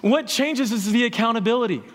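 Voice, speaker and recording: A man's voice: extremely high pitch, brisk. A young man preaching a sermon in an earnest, conversational way, asking the audience questions. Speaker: pastor. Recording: long hall reverb.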